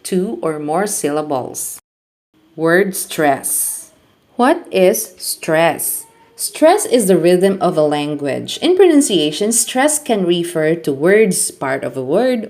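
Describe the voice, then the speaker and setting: Reading from a script, a female teacher with a lowish voice lectures on terms and example word pairs. Her delivery stays steady and deliberate.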